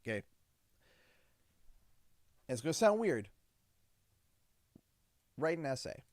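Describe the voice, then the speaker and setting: A man's voice: mid-range voice, takes it slowly, no echo, studio quality. A man in his thirties, a livestream host chatting casually and acting out family conversations in quotes. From Canada. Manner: animated storytelling, acts out his kids' and his own lines in quotes.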